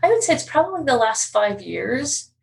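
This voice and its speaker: A woman's voice: fairly high pitch, big pitch swings, normal speed, gravelly, slight background noise, poor audio. A middle-aged woman speaking casually as an interview guest, laughing often and acting out what others said. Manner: laughs often, acts out quoted voices.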